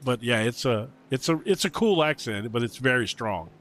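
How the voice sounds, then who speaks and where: A man from the United States giving relaxed color commentary on a sim race, rambling with ums and you-knows. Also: mid-range voice, moderate pace. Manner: chatty, rambling with um and you know.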